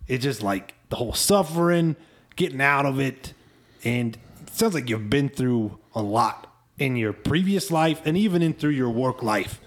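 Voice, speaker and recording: A man's voice: medium pitch, expressive, moderate pace. A man hosting a podcast, speaking in a reflective, searching way about his own fears. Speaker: podcast host. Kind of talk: casual chat.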